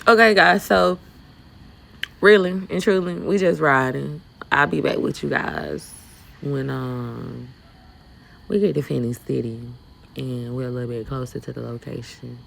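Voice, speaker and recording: A woman's voice: extremely low pitch, fairly even intonation, unhurried, vocal fry, a bit bright, rough recording. A woman from Alabama with a Southern accent, chatting casually and sassily to viewers while driving her truck. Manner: talkative, sassy, addresses viewers as y'all. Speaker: truck driver vlogger.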